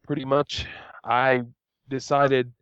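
A man voicing a huge, quick-tempered male Goliath warrior in a tabletop role-play, talking haltingly with many fillers and restarts. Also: mid-range voice, flat delivery, fairly bright tone, clean tone, dry recording, dull audio. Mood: rambling.

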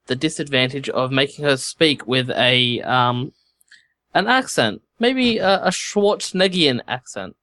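A man's voice: mid-range voice, expressive, a little slow, bright, forceful tone, no echo, clean studio sound. A man playing in a tabletop game, joking wryly with the others. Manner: wry, joking. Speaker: player.

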